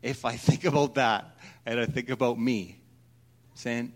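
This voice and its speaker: A man's voice: mid-range voice, fairly even intonation, measured pace, pauses often. A man preaching a sermon, telling a joke in a conversational way and acting out the voices in it. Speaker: pastor.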